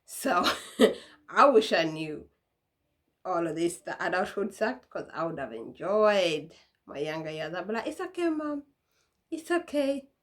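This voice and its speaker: A woman's voice: on the low side, expressive, unhurried. A young woman talking casually to camera in a vlog, chatty and laughing, acting out what her mom used to say. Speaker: vlogger.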